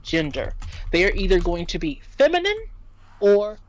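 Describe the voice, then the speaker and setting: A woman's voice: mid-range voice, very animated, moderate pace, rough recording. A woman tutoring French in a casual lesson, patiently explaining and spelling out words.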